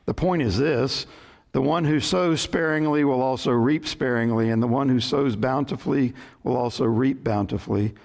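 A man preaching a sermon, reading scripture in a measured way and telling light jokes, lifting his voice for the characters in them. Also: mid-range voice, gravelly, darkish tone. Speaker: pastor. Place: church sanctuary.

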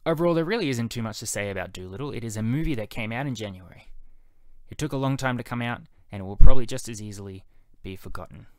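A man giving a solo spoken film review on a podcast, wry and measured in a conversational way. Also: mid-range voice, animated, no echo.

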